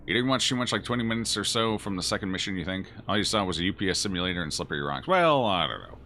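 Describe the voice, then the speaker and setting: Lively, bright-voiced male game streamer. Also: deep voice, racing, faint music behind. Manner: chatty and jokey, reacting aloud to chat. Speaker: gaming streamer. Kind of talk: casual let's-play commentary answering chat.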